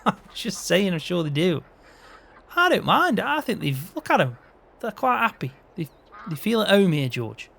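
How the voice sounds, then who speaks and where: A man's voice: high voice, big pitch swings, unhurried, creaky, pauses often, a bit bright. A man playing a farm hand in a game role-play, chatting to himself and laughing often.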